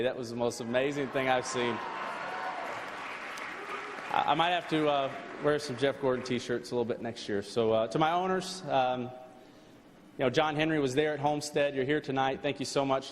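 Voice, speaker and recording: A man, a race car driver, giving an earnest, halting thank-you speech at an awards banquet. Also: medium pitch. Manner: earnest, halting, with frequent restarts and fillers. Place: large banquet hall. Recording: long hall reverb, faint background noise.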